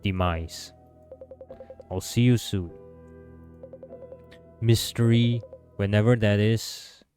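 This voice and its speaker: A man's voice: fairly low pitch, slow pace, a little mellow, soft background music. A man voicing a scornful, mocking male creator god who talks down to those he made, read aloud while playing a story game. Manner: mocking, condescending.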